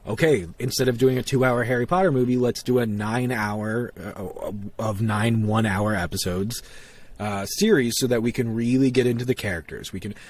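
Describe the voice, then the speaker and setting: A man co-hosting a podcast in casual chat, nerdy and animated, often acting out quotes in funny voices. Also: medium pitch, normal speed. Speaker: podcast co-host.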